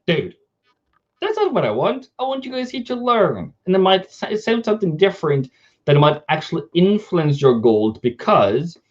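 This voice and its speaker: A man's voice: mid-range voice, darkish tone. Chatty man livestreaming forex analysis. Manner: chatty, self-interrupting, reads viewer comments aloud. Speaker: forex trading livestream host. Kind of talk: live market analysis chat. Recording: slightly dull lo-fi stream audio.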